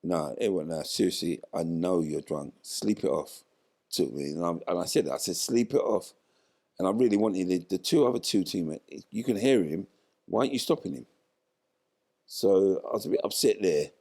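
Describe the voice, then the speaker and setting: Casting: older man, very low gravelly voice, animated storyteller who plays out the dialogue himself. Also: fairly quick. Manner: animated retelling, acts out quoted dialogue. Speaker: interview guest, former footballer. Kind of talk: storytelling in a podcast interview.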